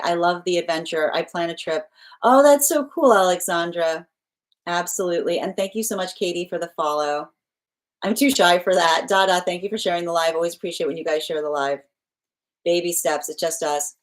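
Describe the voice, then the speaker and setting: Chatty woman hosting a tarot livestream. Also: lowish voice. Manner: chatty and affectionate, thanks viewers by name, laughs often. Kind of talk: casual livestream chat, reading out viewer comments.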